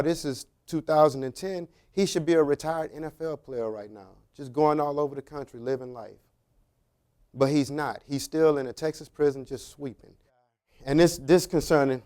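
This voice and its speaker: A man, a former prison officer, giving a storytelling talk to young men, acting out dialogue in colloquial, loose phrasing. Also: mid-range voice. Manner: animated storytelling with acted-out dialogue; colloquial, drawling street phrasing.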